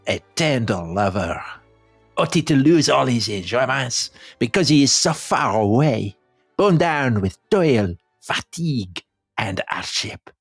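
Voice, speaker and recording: A man voicing a lovesick Napoleon with a French accent, reading a letter slowly and theatrically. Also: fairly low pitch, husky, no echo, full character voice. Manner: slow, theatrical, pleading. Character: lovesick Napoleon, grown man writing to his wife.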